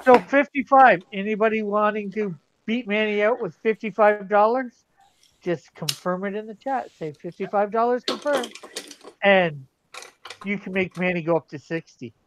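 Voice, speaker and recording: A man's voice: high voice, normal speed. A man hosting a livestream art auction, calling for bids with a jokey, laughing manner. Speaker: auction host. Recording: dull lo-fi mic with faint noise.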